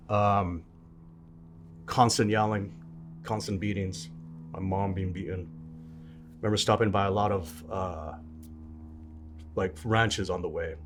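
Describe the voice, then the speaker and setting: A man recounting a childhood memory in an interview, animated and acting out other people's words in sudden bursts. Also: lowish voice, a little hiss or hum. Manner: animated storyteller, acts out others' lines with sudden loud bursts. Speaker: interview guest.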